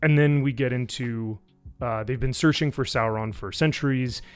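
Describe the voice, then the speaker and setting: A man in a casual live-stream review, talking in a sarcastic, animated way with many fillers. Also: moderate pace, smooth. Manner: animated, sarcastic, many fillers, mimics people with high voices. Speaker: YouTube reviewer.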